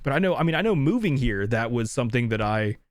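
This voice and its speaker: A man's voice: mid-range voice, animated, fast, no room sound. Hesitant, thoughtful man on a dry mic. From western United States. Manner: thoughtful, hesitant, many restarts and fillers. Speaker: podcast co-host. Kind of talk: casual movie review chat.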